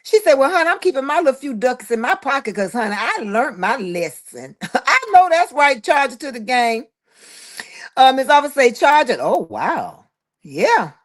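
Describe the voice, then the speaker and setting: Chatty woman livestream host, a bit high-pitched, reads chat and calls everyone honey. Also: big pitch swings, normal speed. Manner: chatty, calls listeners honey, child and boo. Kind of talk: casual livestream chat reading viewer comments.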